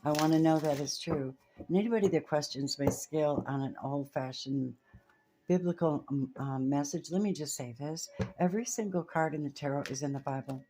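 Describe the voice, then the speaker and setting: A woman giving a spiritual tarot reading, reading scripture and speaking softly and slowly to her viewers. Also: low-pitched, background noise. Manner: slow, soft-spoken, addresses viewers as babies. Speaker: tarot reader.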